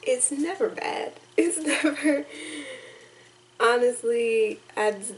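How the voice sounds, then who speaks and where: A young woman vlogging to camera, emotional and tearful, talking in halting, rambling sentences full of restarts. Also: a little high, rough recording. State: tearful, crying on and off. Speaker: vlogger reacting to music. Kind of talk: casual emotional talk to camera.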